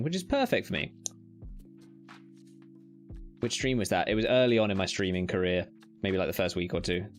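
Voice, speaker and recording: A British man with a low, gravelly voice talks loosely to his live-stream viewers while he plays. He is self-mocking and chatty, and he curses at the game when it goes wrong. Soft music plays quietly underneath. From United Kingdom. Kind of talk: casual live-stream chat while gaming.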